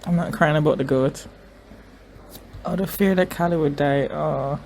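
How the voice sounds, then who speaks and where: An excitable host of a TV reaction video, talking casually through each scene and echoing the same words again and again while reacting. The voice sits at a middling pitch. A faint background hum lies under the talk. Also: normal speed, vocal fry.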